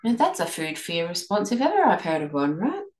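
A woman hosting a reflective podcast, leading listeners through a string of gentle questions. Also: fairly low pitch, wildly swooping pitch, a little fast. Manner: asks many guiding questions, gentle restarts. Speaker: podcast host and eating coach. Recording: echoey room.

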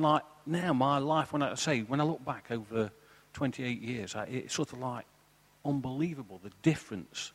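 A man's voice: mid-range voice, fairly bright tone, breathy edge, long reverb tail. A man, earnestly sharing his faith and telling a story as a church panel guest. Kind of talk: live church testimony talk. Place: church hall.

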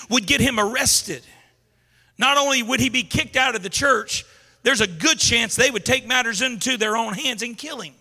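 A man preaches a sermon in a casual, animated way, wandering off on side paths and building up to shouts. His voice is very high and bright, with a sharp, tense edge. A long reverb rings around him in a large hall.

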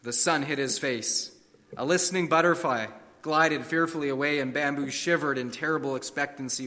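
A man's voice: a little high, normal speed, bright, forceful tone, in a large hall. A man preaching a sermon, telling stories and fables with a dramatic, varied delivery. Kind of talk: sermon with storytelling.

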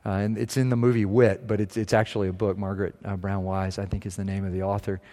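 A man preaching a sermon in a relaxed, conversational way, closing in prayer. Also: lowish voice, quick pace, big-room sound. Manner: conversational preaching, sings hymn lines softly. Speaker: pastor.

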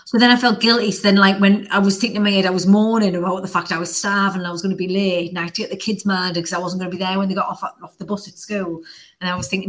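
A woman's voice: medium pitch, steady tone, fast, fairly bright tone. A Northern English woman in her thirties hosting a podcast. She chats casually and rambles through stories with lots of fillers. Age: 30s. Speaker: podcast host. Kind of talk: casual chat.

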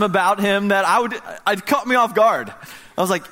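A high-voiced American pastor in his thirties delivers a sermon at a moderate pace. His storytelling is lively, rising loud and dropping to a hush.

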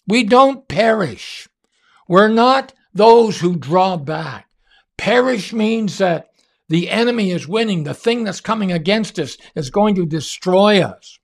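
A man giving an earnest, emphatic sermon-style faith teaching, with drawn-out pauses. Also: high-pitched, vocal fry.

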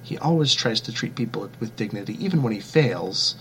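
A man's voice: on the low side, lively intonation, brisk, fairly bright tone, slight background noise. A man talking casually in a book discussion, chatty and self-deprecating, with frequent restarts and fillers.

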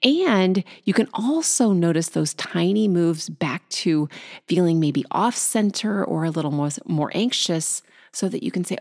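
A woman hosting a solo podcast about anxiety, talking quickly and acting out anxious inner thoughts. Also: lowish voice, lively intonation, darkish tone. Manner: fast, tumbling, acts out anxious inner voices. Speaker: podcast host.

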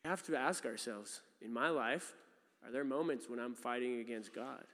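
A man preaching a sermon in a loose, conversational way, full of fillers and quick asides. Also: mid-range voice, fairly bright tone, big-room sound. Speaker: pastor.

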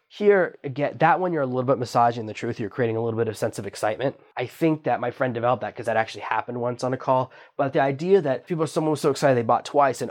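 Fast-talking man teaching online sales. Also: medium pitch, a little mellow. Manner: quick, chatty, acts out quoted lines in a raised voice. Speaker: online business instructor. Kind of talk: teaching monologue.

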